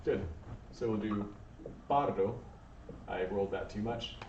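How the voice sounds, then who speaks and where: A man's voice: fairly low pitch, fairly even intonation, moderate pace, background noise. Patient male teacher, echoey room. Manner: patient, encouraging, frequent ums and uhs. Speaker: Spanish teacher. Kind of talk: classroom lesson, calling on students. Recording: distant, echoey, dull room recording.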